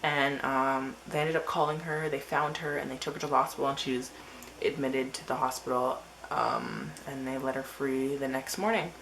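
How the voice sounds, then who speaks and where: A woman's voice: extremely low pitch, animated, moderate pace, a bit bright, slight background noise, low-quality recording. A teenage girl telling a rambling story in a casual diary vlog, full of "like" and quoted asides. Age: teens. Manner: rambling, filler-heavy storytelling. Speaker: vlogger.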